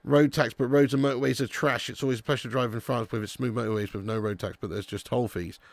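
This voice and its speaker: A laid-back young man talks over a football match for his live stream viewers, bantering and cursing casually. His voice has a rough, gravelly texture at a middling pitch. The recording is close and dry. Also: steady tone, fast talker, dry recording. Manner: chatty, banter with chat, swears casually. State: a little sleepy. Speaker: watch-along streamer. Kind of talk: live football watch-along chat.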